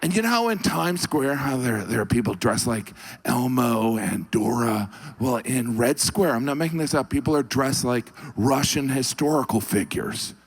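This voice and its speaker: Deadpan stand-up comic, gravelly voice. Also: male voice, mid-range voice, normal speed, few pauses. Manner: deadpan, puts on mock Russian voices in quotes. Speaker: stand-up comedian. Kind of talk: stand-up routine. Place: comedy stage before a live audience.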